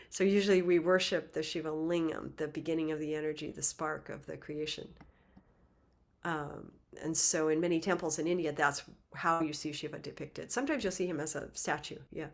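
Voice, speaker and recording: A woman giving a spiritual talk, telling a myth in a lively, conversational way with casual asides. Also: low voice, moderate pace, creaky. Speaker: spiritual teacher. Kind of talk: casual storytelling lecture.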